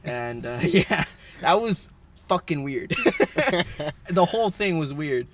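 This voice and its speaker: A man's voice: on the high side, expressive, takes it slowly, a little hiss or hum. A young man co-hosting a podcast in casual chat, laughing often and swearing casually. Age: young adult. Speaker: podcast co-host.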